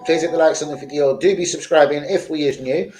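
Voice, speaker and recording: A middle-aged man hosting a rambling live stream as a football fan, chatting casually, swearing now and then and giving shout-outs to viewers. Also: a little high, quick pace, faint music behind, poor audio.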